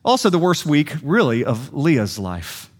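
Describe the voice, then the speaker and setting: Young male pastor, lively storytelling sermon, voice a bit high. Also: husky. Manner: animated storytelling preacher, quick asides.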